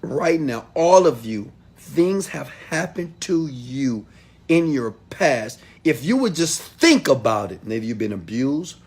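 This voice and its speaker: A man giving a motivational talk to an audience, preachy and direct, swinging from loud calls to hushed asides. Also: mid-range voice, big pitch swings, takes it slowly, husky. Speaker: motivational speaker.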